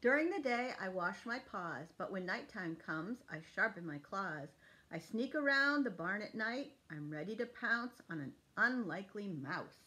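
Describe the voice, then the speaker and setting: A woman's voice: medium pitch, expressive, normal speed, sharp tone. A woman voicing a sneaky barn cat from a storybook, in sly rhymes.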